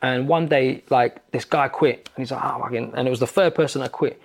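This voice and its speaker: A man's voice: mid-range voice, fairly even intonation, fairly quick, vocal fry. A middle-aged man with a London accent, a podcast guest telling stories bluntly and swearing often. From England. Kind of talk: casual chat.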